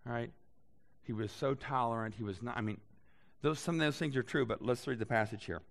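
Gravelly-voiced man preaching a sermon. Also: medium pitch, brisk. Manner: conversational, animated Bible reading with voiced asides. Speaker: pastor.

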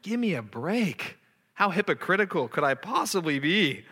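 A man in his thirties preaching from the pulpit, frank and self-deprecating about his own faults. His voice is bright and forceful. It rings out with the long echo of a large hall. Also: sits high, sing-song, moderate pace, slightly rough. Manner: candid and self-deprecating, earnest. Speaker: pastor. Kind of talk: sermon.

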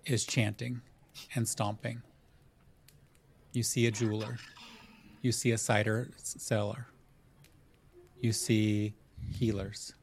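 Slow, gravelly-voiced game master. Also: male voice, fairly low pitch, little pitch movement. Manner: descriptive, unhurried scene-setting. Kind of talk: narrating a tabletop game.

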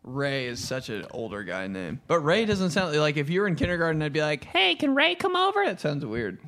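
A man hosting a casual comedy podcast, swearing freely, laughing and shouting his jokes. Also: fairly high pitch, very animated, brisk. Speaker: podcast host. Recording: noisy podcast recording.

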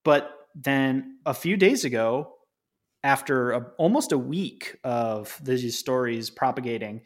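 A man co-hosting a podcast in casual chat, explaining at length and laughing quickly. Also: medium pitch. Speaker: podcast co-host.

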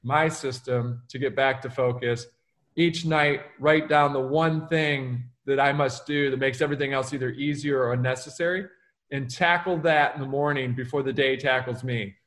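An author and keynote speaker answers interview questions energetically and emphatically, often acting out quoted dialogue. He has a mid-range voice and speaks at normal speed.

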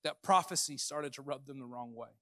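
A man preaching a sermon as pastor, animated, swinging between loud declarations and hushed asides. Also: mid-range voice, fairly quick, no echo, studio quality. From Canada. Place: church hall.

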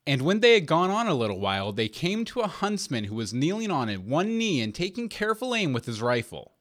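A man narrating an old fairy tale in a measured, expressive reading. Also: a little high. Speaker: reader. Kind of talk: storybook narration.

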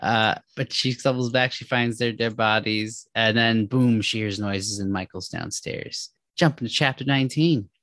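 A man's voice: on the low side, moderate pace, hardly any pauses, fairly bright tone, no echo. A man co-hosting a podcast, retelling a novel in a loose, joking, profane way. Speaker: podcast co-host. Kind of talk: casual chat recapping a novel.

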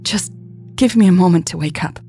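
A woman's voice: medium pitch, animated, a little slow, faint music behind, pitched above the performer's own voice, close to an everyday voice. A woman narrator voicing a drowsy, flustered woman who stammers and pleads in an audiobook.

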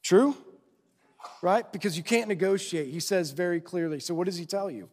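Preaching at normal speed, this man has a high-pitched voice with a darkish tone. He checks in with his congregation through constant rhetorical questions in a conversational sermon, recorded in a church sanctuary with a large hall's long reverb.

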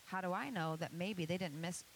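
A woman speaks earnestly to an audience and asks many rhetorical questions. Her voice sits fairly low, with a faint hiss behind it. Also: moderate pace, poor audio. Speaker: speaker giving a church presentation. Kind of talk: motivational talk to an audience.

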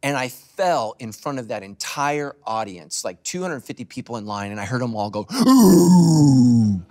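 A middle-aged male pastor preaching a sermon with animated, humorous storytelling. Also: mid-range voice, moderate pace.

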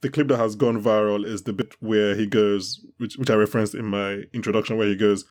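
A man's voice: fairly low pitch, steady tone, brisk, few pauses. A man hosting a podcast, chatting casually and animatedly, laughing often and restarting his sentences. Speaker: podcast host. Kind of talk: casual chat.

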